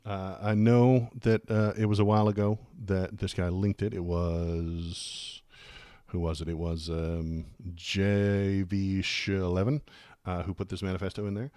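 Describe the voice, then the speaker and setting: Dry-voiced, sarcastic live-stream host. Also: male voice, low-pitched, little pitch movement, a little slow, mellow, clean tone, no room sound. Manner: rambling, sarcastic, mutters mild curses. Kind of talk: casual political commentary and reaction.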